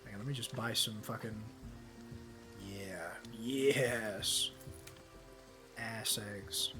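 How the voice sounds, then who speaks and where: A man's voice: on the low side, drawn-out words, music in the background. A man streaming a game with casual, profane, rambling commentary, easily delighted by small things.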